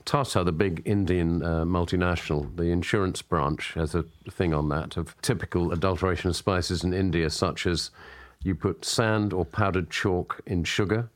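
A man with a lowish voice co-hosting a relaxed conversation. He works through lists of figures in a dry, deliberate way. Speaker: podcast co-host. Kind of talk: casual chat reading out facts.

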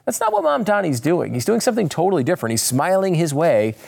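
A man hosting a political commentary show, tired and a bit hoarse, talking in a rambling way that often breaks off and restarts. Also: a little high, quick pace. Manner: rambling, self-interrupting, animated asides. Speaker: show host.

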